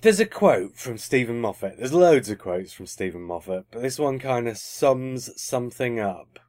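In a relaxed podcast chat, a co-host talks in an animated, mid-range voice that's a little mellow, at a normal speed. He teases, chats freely, and often self-corrects mid-sentence, on a dry recording.

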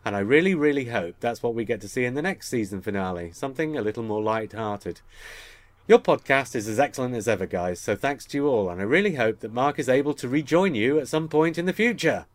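A man's voice: mid-range voice, expressive, brisk, dry recording. A man hosting a podcast, joking with his co-hosts and reading listener emails aloud. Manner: jokey, bantering. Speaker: podcast host.

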